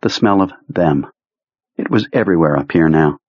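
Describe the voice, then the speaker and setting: A man narrating a novel as an audiobook, in measured, even storytelling. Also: low-pitched, breathy edge, dry recording, narrow, tinny audio. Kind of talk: scripted narration.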